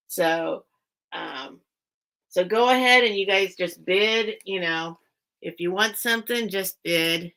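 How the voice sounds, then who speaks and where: A woman's voice: on the low side, slow pace, bright, forceful tone. A woman hosting a casual live-stream sale, chatting and reading out bids, often breaking off her own sentences. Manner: chatty, self-interrupting, reads out bids. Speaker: online live-sale seller.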